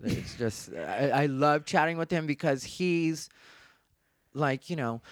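A man's voice: a little high, animated, slow pace, no room sound, studio quality. A man hosting a podcast, chatting casually with short reactions and teasing asides.

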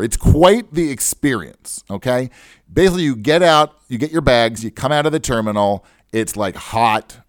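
Male podcast host, animated pitch, dry close mic, chatty storytelling, rhetorical asides. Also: no echo. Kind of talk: storytelling monologue.

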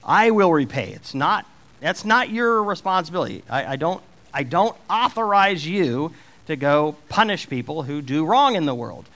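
A man's voice: on the high side, lively intonation, moderate pace, fairly bright tone. A middle-aged man preaching a sermon, taking on God's voice for the scripture questions with rising emphasis.

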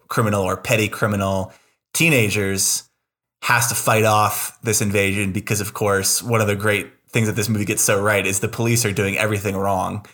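A man's voice: fairly low pitch, a bit bright. Chatty man hosting a podcast. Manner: chatty, enthusiastic, self-deprecating with frequent restarts. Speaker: podcast host. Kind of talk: casual podcast chat.

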